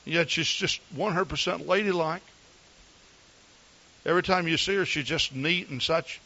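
A pastor preaches to his congregation, telling folksy, earnest stories about his wife with heartfelt asides. His voice is fairly high, pushed and bright, at normal speed, though the audio sounds dull.

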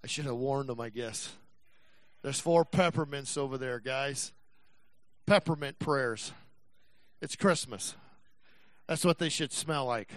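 A male pastor preaching a sermon, swinging from shouted passages to quiet, slow, emphatic stretches. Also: mid-range voice, no room sound. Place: church.

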